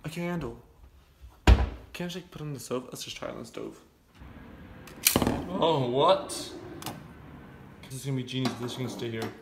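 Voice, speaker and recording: A man's voice: medium pitch, racing, echoey room, heavy background noise. A young man rambling casually to camera in his home kitchen, chatty and self-deprecating. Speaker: vlogger. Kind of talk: casual vlog chat.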